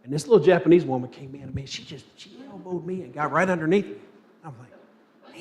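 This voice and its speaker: Higher-voiced man teaching a Bible class. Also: a little fast, fairly bright tone. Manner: asks the class questions, tells anecdotes with light humor. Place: church classroom.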